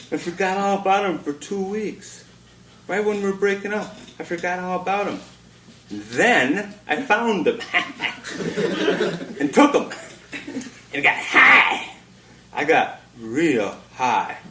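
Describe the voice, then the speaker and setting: Wry slow-talking man doing live spoken word. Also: on the high side, a bit bright. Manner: wry, drawling, laughing through lines. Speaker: performance poet. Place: bookshop reading before an audience. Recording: roomy 1980s live recording with faint hiss.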